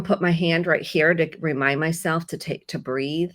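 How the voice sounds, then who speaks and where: A middle-aged woman therapist with a low voice offers calm, reassuring advice in conversation. She slows down as she coaches.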